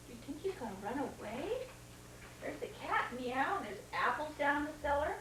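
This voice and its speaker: A woman's voice: sits high, very animated, moderate pace, fairly bright tone, slight background noise. An older woman reads a storybook aloud to a small child, stopping to comment and ask him questions. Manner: breaks off to comment and quiz the child. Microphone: camcorder mic across the room. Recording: old VHS home video, roomy and distant.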